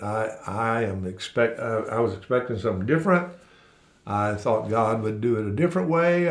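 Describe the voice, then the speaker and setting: A man's voice: medium pitch, echoey room. A man preaching a sermon, talking conversationally with frequent restarts and repeated words. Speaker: pastor.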